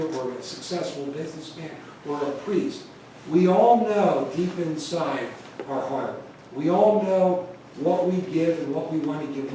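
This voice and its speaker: A man's voice: on the high side, slight background noise. A middle-aged American man giving a conversational church talk on stewardship, telling personal stories with growing animation. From United States. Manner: conversational, storytelling, animated when telling anecdotes. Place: large church hall. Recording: echoey church hall from far off.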